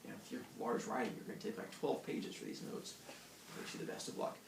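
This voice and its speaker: A man's voice: on the low side, fairly even intonation, quick pace, gravelly, a little hiss or hum. Young guy teacher goofing around while lecturing, roomy classroom, mic far away. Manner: jokey, acts out animal characters in funny voices. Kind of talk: classroom lecture with playful storytelling.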